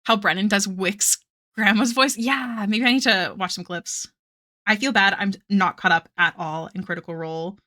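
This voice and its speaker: Bright-voiced woman chatting on stream. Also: medium pitch, steady tone, moderate pace. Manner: rambling, with many fillers and frequent giggles; chats with live viewers between tangents. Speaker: art streamer. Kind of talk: casual chat while drawing.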